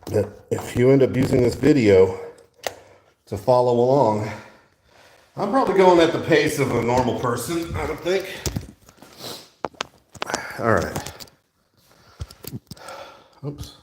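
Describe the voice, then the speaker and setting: A man's voice: medium pitch, lively intonation, slow pace, long pauses, a little mellow. A man hosting his own build video, talking to viewers in a casual running chat with jokey asides while he assembles a cabinet. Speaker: maker and video host. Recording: echoey room with faint noise and clicks.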